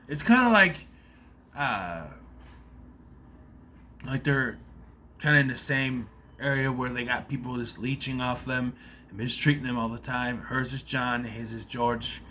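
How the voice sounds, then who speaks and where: A man's voice: mid-range voice, a little slow, long pauses, pushed and bright, a little hiss or hum. A man casually recapping a movie plot in a rambling, loose way, swearing freely as he goes.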